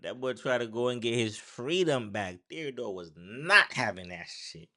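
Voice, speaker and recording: Loud, slangy young man reacting. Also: medium pitch, moderate pace. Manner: loud, excitable, swears a lot, slangy. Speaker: reaction video host. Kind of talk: reaction commentary.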